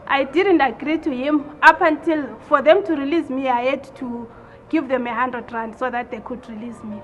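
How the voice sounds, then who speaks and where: A woman calmly recounting her own experience in a documentary interview. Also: high-pitched, moderate pace, muffled recording.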